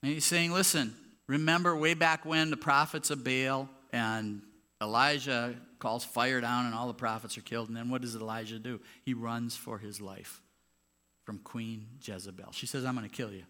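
In a church sanctuary, a pastor preaches with a medium-pitched, bright, forceful voice, his tone steady and pace moderate. He speaks conversationally and emphasizes points strongly, recorded on a handheld or clip mic that pops.

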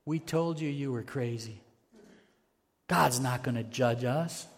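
A man's voice: mid-range voice, slow, slightly rough. A man voicing a crowd of jeering townspeople mocking an old man, in a taunting sing-song way. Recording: reverberant hall.

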